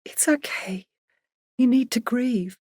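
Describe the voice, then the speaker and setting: A kind woman consoles her friend in a soft, near-whispered voice, as a woman narrator puts her on. She sits a little higher than the narration and sounds close and dry. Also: slow, breathy edge, dry recording. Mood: soothing. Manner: soft, hushed, soothing. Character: gentle comforting woman friend.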